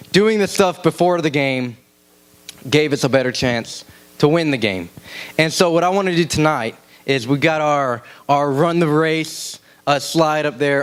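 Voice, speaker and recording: A young man preaching a casual youth sermon, telling stories and acting out shouted quotes in a high voice. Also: smooth. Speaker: youth pastor. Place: church youth room.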